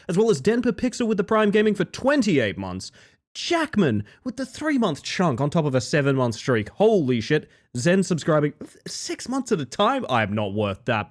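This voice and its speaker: Lively excitable man streaming. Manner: excitable, swears, laughs often, swings between loud outbursts and soft low asides. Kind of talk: casual live-stream chat.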